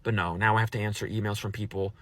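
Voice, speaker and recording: A man's voice: on the low side, flat delivery, quick pace, a bit bright. A man in a wry comedic monologue complaining about daily life.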